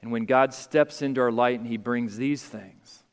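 A man's voice: steady tone, normal speed, clear, resonant tone. Preaching man in a reverberant church. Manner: rises to loud, high emphatic peaks, then drops quiet. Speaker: pastor. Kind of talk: sermon. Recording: long hall reverb.

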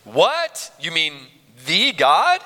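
A man's voice: a little high, wildly swooping pitch, very slow, bright, forceful tone, in a large hall, exaggerated voice. A preacher putting on a frantic man hanging off a cliff. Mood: desperate. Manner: frantic, pleading. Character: panicked man clinging to a cliff branch.

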